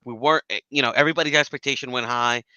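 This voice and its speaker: Earnest man with a bright, crisp voice. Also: medium pitch, rapid-fire, dry recording, highs cut off. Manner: earnest, stammers restarts. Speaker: guest panelist. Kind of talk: casual football chat.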